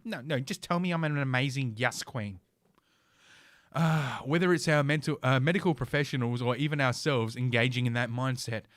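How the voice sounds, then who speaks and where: A man's voice: medium pitch, moderate pace, no room sound, clean studio sound. A man hosting a podcast, ranting with scorn and heavy swearing while reading an article aloud. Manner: profane, scornful, sarcastic. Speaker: podcast host. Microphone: podcast mic.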